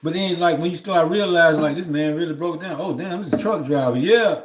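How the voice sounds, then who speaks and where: A man's voice: fairly high pitch, a little fast, hardly any pauses, noisy background. Man rambling in a roomy echo. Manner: loose, rambling, repeats "you know what I'm saying"; heated and aggrieved when telling of mistreatment. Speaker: livestream host. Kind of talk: casual storytelling on a livestream.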